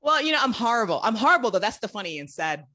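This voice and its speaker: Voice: medium pitch, big pitch swings, fast, pushed and bright. A podcast host interviewing a guest in a playful, casual way, laughing often.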